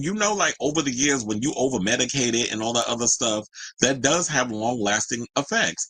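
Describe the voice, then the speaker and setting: A man hosting a celebrity gossip show, talking in a sassy, animated way with slangy asides. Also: mid-range voice, husky, no echo, rough recording. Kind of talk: casual gossip commentary. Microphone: home streaming mic.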